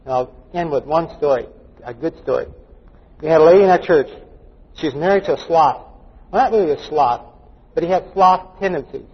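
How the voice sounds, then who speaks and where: A man's voice: fairly high pitch, fairly quick, pauses often, slightly rough. A male pastor preaching a folksy, joking sermon full of anecdotes, recorded in a dull, echoey church hall. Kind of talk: storytelling sermon.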